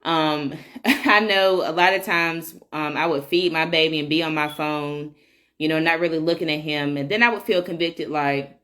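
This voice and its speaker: A woman's voice: low voice, steady tone, normal speed, a bit bright. A woman in her thirties hosting a casual solo parenting podcast, chatty and candid with frequent fillers. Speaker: podcast host.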